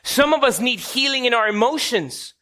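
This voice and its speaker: A man's voice: very high voice, animated, normal speed, sharp tone. A man preaching a sermon, telling stories dramatically and building to emphatic peaks.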